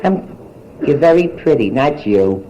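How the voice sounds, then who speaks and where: A woman's voice: a bass voice, expressive, unhurried, muffled recording, noisy background. An older woman doing bawdy nightclub stand-up, teasing and bantering with the crowd in a brassy way. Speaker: stand-up comedian. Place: nightclub stage. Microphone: handheld steel mic. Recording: roomy live club recording with audience.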